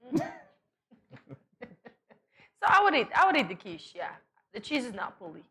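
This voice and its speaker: A woman's voice: fairly high pitch, huge pitch swings, unhurried, pushed and bright. A woman co-hosting a morning show, chatting and joking playfully. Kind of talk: casual chat.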